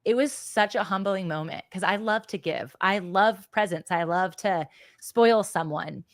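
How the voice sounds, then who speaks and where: A woman's voice: mid-range voice, measured pace, no room sound. A woman, a mother and podcast guest, telling a heartfelt personal story in a casual chat, earnest and effusive. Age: adult with children.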